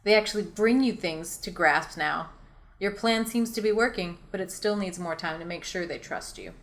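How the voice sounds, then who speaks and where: A woman's voice: lowish voice, moderate pace. A woman reading her own choose-your-own-adventure story aloud as host, racing through it and often laughing at her own lines.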